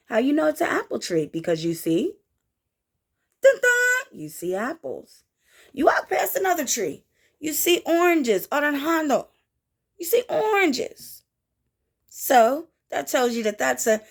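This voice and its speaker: Woman, tarot reader, casual direct-to-viewer talk; animated and playful, slightly high and gravelly. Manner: animated, playful, with sung sound effects; folksy asides to the viewer. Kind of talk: casual tarot reading monologue.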